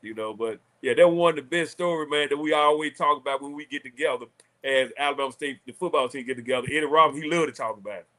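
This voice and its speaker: A man, a former college quarterback telling animated, laughing stories as a talk show guest. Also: on the high side, quick pace. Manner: animated, laughing storyteller acting out quotes. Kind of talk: casual storytelling on a talk show.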